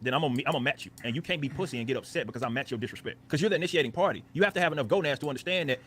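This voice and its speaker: Fast, bright-voiced man ranting combatively. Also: mid-range voice, slight background noise. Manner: profane, combative, repeats phrases. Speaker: streamer. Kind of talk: heated livestream rant.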